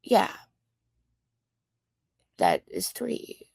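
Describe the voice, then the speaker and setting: A woman's voice: very slow, a little mellow, no room sound, studio quality. A woman on a livestream, ranting casually in a mocking, taunting and profane way.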